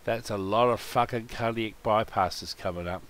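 Waiting for a game to start, a man with a lowish voice chats casually at normal speed. He reads out random facts, peppering them with crude swearing and bursts of loud laughter.

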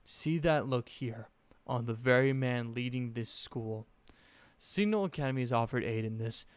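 A man's voice: medium pitch, moderate pace, smooth, no room sound. A man reading a story aloud expressively, correcting his own slips now and then. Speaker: fanfiction narrator.

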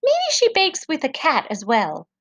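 Woman doing a small storybook fairy, bright, eager and higher. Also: wildly swooping pitch, unhurried, dry recording, heavily acted. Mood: curious.

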